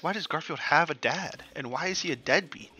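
A man's voice: on the high side, animated, normal speed, sharp tone, a little hiss or hum. A young man giving casual, profane commentary over a game he is playing, rambling and ranting as he goes. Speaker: gaming streamer.

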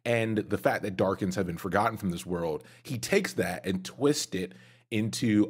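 A man's voice: on the low side, normal speed, slightly rough. A man co-hosting a casual podcast, agreeably recapping a story. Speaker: podcast co-host. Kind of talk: casual lore discussion.

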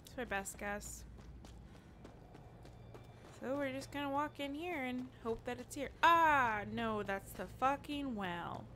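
A woman's voice: high voice, measured pace, pauses often, noisy background. A woman gamer giving casual commentary while she plays, often frustrated, swearing and mocking herself.

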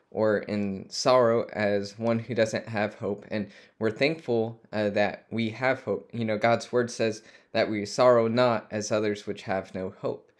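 A man leading a weekday family devotion, reading scripture aloud and preaching in an earnest, unhurried way with frequent pauses and fillers. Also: on the low side. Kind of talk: devotional Bible reading and short sermon.

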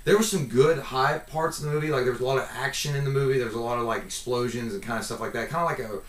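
A man's voice: mid-range voice, very fast. A man co-hosting a casual movie review, rambling with lots of fillers and restarts. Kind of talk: casual chat. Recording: roomy, mic far off.

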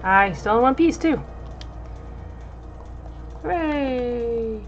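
A woman streaming a game, making quiet, wry asides between the character voices. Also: on the high side, lively intonation, slow, pauses often, muffled recording, faint music behind. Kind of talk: casual game commentary.

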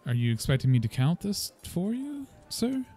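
A man's voice: high voice, sing-song, moderate pace, warm tone, faint music behind, pitched above the performer's own voice. A man voicing a polite, slightly puzzled male tavern keeper who speaks formally.

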